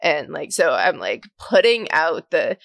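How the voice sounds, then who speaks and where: A woman in her twenties from Massachusetts chats casually on a podcast. Her voice sits low and is recorded dry and close. She strings her sentences together with frequent "like"s. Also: sing-song, measured pace, vocal fry, no echo. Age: 20s. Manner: filler-heavy, many "like"s. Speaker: podcast co-host. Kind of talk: casual chat.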